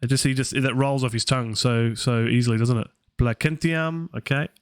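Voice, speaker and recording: A man's voice: medium pitch, steady tone, brisk, clear, resonant tone, dry recording, studio quality. An Australian man hosting a live Latin study session, thinking aloud with many fillers as he works through the text.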